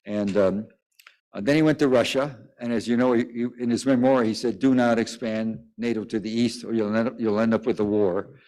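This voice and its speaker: A man answering a reporter's question at a press conference, talking in a halting, digressive way with many restarts. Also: on the low side, steady tone, mellow, low-quality recording.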